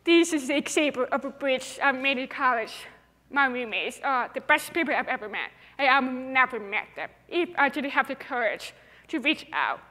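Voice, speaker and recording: A woman's voice: sits high, animated, normal speed, bright, forceful tone. A young woman with a deaf speaker's accent, giving an earnest, emphatic inspirational talk on stage. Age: young adult. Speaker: TEDx speaker. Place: large hall. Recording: reverberant hall.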